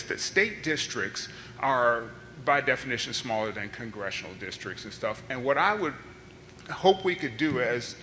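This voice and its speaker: A man's voice: medium pitch, sharp tone. A man giving earnest, conversational public testimony. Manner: earnest, conversational, many fillers. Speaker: public commenter. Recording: echoey hearing room with faint hiss.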